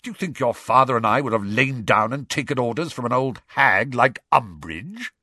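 A man voicing a brisk, frank adult wizard with a wry, impatient edge in an audiobook. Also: medium pitch, animated, bright, forceful tone, breathy edge, no echo, studio quality, voice pushed up. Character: adult male wizard, wry, bold, fond godfather. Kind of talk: audiobook character voice.

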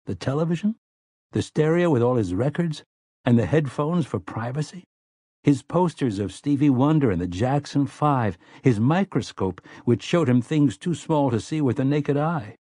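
This is scripted audiobook narration by a man with a mid-range voice, told in a steady, measured storytelling style. The recording is dry and of studio quality.

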